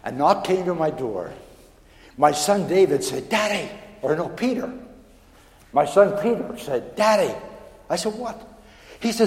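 A man's voice: fairly high pitch, measured pace, pauses often. Folksy preacher man in an echoey hall. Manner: folksy, animated storytelling with acted dialogue. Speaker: pastor. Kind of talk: storytelling sermon. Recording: echoey hall with long reverb.

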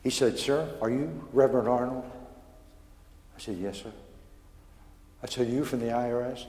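A male pastor telling a folksy, animated story in a sermon, acting out the dialogue. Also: medium pitch, normal speed, long pauses, a loud crowd, heavy background noise. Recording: echoey hall with long reverb.

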